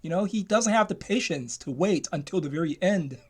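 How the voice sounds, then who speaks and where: High-voiced man on an emphatic rant. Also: expressive, brisk, breathy edge. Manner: repetitive, emphatic, restarts often. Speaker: commentator. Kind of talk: ranting commentary.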